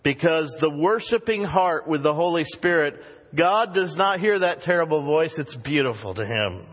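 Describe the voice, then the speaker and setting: Pastor guy preaching a sermon, kinda high voice, lots of emphasis, big hall reverb. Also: lively intonation, moderate pace. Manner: emphatic, acts out quoted voices.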